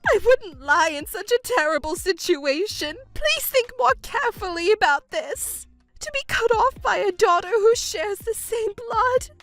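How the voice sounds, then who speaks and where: Woman voicing a shrill self-pitying stepmother. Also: big pitch swings, moderate pace, soft background music. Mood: wailing. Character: selfish whiny middle-aged stepmother. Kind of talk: texting story narration.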